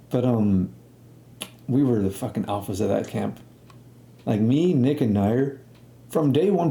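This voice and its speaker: A young man telling a rambling, excitable storytime about summer camp, full of slang and fillers. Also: medium pitch, roomy sound. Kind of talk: casual storytime.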